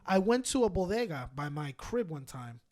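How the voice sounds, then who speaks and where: A man co-hosting a casual podcast, telling stories in a loose, profane way, laughing often and acting out other people's lines. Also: normal speed. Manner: animated, profane, laughs often, acts out quotes in high voices. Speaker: podcast co-host. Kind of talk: casual storytelling chat.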